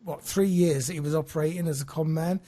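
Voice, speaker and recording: Husky man telling a story. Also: a little high, fairly even intonation, fast, dark tone. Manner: chatty, laughs at his own jokes. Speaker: podcast co-host, storyteller. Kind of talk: casual podcast storytelling.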